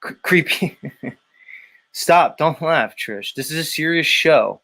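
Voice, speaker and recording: A man's voice: fairly high pitch, expressive, takes it slowly, vocal fry, bright, forceful tone. A man hosting a show, ranting casually with mocking, profane remarks. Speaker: show host.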